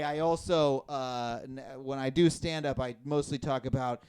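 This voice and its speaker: A man's voice: medium pitch, steady tone, normal speed, darkish tone, clear, resonant tone. A man hosting a live stand-up comedy show, rambling and self-deprecating, often laughing at his own jokes. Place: live comedy venue with audience.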